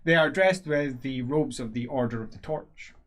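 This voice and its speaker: A man's voice: mid-range voice, normal speed, a bit bright. A man narrating as game master for a tabletop role-playing game, describing scenes with fillers.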